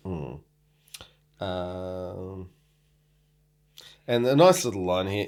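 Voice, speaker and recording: A man with a fairly low voice talks through a novel in a relaxed podcast chat. He stops to read passages aloud with some emphasis and laughs easily between points. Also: extremely slow, pauses often. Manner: reads quotes with emphasis, chuckles often. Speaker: podcast co-host. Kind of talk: casual book discussion, reading passages aloud.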